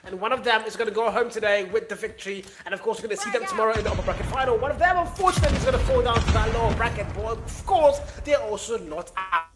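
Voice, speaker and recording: A man casting a live esports match from Nairobi, chatty and excitable, often laughing. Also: high-pitched, very fast, hardly any pauses, noisy background. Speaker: esports caster. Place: Nairobi, Kenya.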